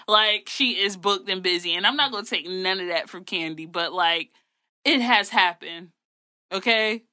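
A woman's voice: mid-range voice, moderate pace, sharp tone, no room sound. A woman co-hosting a casual gossip chat, sassy, blunt and profane. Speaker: podcast co-host.

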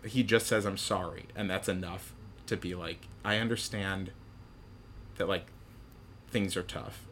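Young male co-host, low-pitched and chatty, slight room hiss, loose filler-heavy delivery. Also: fairly even intonation, measured pace, pushed and bright. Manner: rambling, many "like" fillers, acts out quotes. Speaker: podcast co-host discussing a film. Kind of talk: casual chat.

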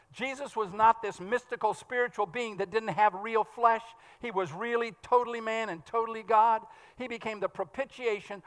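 Fast-talking fervent male preacher, high voice. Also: fairly bright tone, clean tone. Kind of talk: sermon. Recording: long hall reverb.

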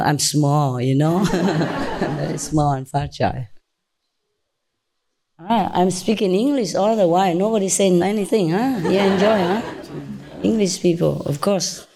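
A woman's voice: on the low side, noisy background. A woman from Vietnam with a Vietnamese accent, a spiritual teacher giving an informal talk to her disciples in a chatty, teasing way, with many tag questions.

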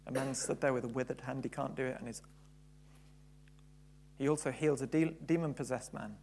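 A man's voice: mid-range voice, brisk, a little mellow. Male preacher, fervent, repeats his points, faint hum under the voice. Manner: builds to fervent emphasis, repeats phrases. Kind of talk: sermon.

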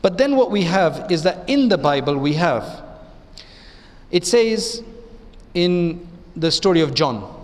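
A man's voice: sits high, big pitch swings, slow, in a large hall. A man, an imam, giving an Islamic lecture in a conversational way, often asking his listeners rhetorical questions.

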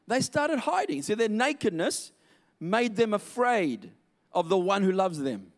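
A man's voice: high-pitched, big pitch swings, unhurried. A man preaching a sermon in an emphatic, repetitive way, drawing out key words.

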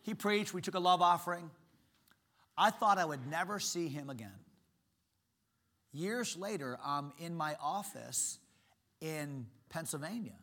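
A middle-aged male pastor with a bright, forceful voice that sits a little high for a man. He preaches in an animated, emphatic way, telling stories to make his points. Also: a little slow, long pauses. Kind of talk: sermon.

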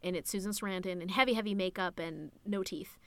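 A woman's voice: mid-range voice, quick pace, fairly bright tone, no echo. A woman co-hosting a podcast, chatting casually through a movie recap, laughing easily and swearing now and then. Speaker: podcast co-host.

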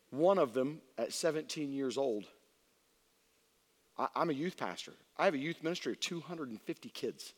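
A middle-aged man preaching as a youth pastor, telling a personal story that swings from hushed to shouting. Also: mid-range voice. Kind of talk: sermon. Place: large church hall. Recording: long hall reverb.

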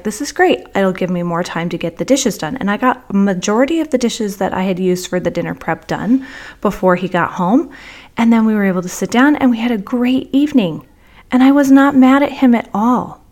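A woman podcast host telling a personal story in a monologue, animated and acting out the dialogue she recalls. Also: medium pitch. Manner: animated, acts out quoted dialogue.

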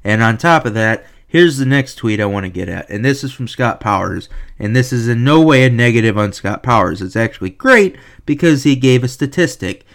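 A man ranting about hockey in a fired-up, foul-mouthed way. He drops to low grumbles, then jumps into loud, sarcastic shouting. His voice sits at an ordinary middle pitch. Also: lively intonation, moderate pace, few pauses. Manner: profane, heated, sarcastic ranting; swings between low mutters and loud outbursts. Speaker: hockey video reviewer. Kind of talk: ranting commentary.

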